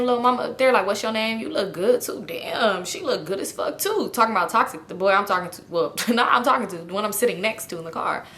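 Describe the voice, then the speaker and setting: A young adult woman casually telling a personal story, animated and profane, acting out the people she quotes. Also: medium pitch. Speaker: storytime vlogger.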